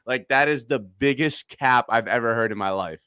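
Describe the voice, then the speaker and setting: A man in his thirties talks sports in a loose, casual way, turning excitable in quick animated bursts. His voice sits in a middle pitch. The sound is dry and close, with no room in it. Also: clean tone, dry recording. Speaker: podcast host.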